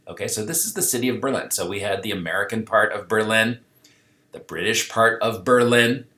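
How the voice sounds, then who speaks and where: Guy teaching history off a map, low but bright punchy voice, keeps going "okay?", echoey classroom sound. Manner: loose, conversational, keeps checking in with "okay?"; acts out historical figures in quoted asides. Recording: echoey room.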